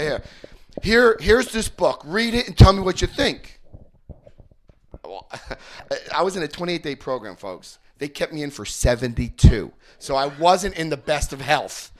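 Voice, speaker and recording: A man's voice: fairly high pitch, fairly bright tone. A middle-aged man speaking to a recovery group, telling stories with quoted voices and asking the room questions. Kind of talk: informal group talk.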